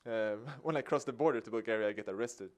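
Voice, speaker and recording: A man's voice: lowish voice, quick pace. Swedish man telling a story. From Sweden. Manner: lively storyteller acting out dialogue with a chuckle. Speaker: activist speaker. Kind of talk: public talk.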